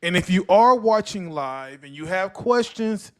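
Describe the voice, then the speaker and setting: A man's voice: high-pitched, animated, unhurried. A man hosting a podcast alone, telling a rambling story full of filler words. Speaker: podcast host. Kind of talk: solo podcast talk. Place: live streaming setup.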